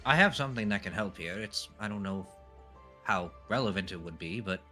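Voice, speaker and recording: A man with a bright, sharp voice chatting at a tabletop game. His pitch jumps around a lot, and he talks playfully with some hesitation. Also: expressive, brisk, faint music behind. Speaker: player. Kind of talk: casual tabletop game chat.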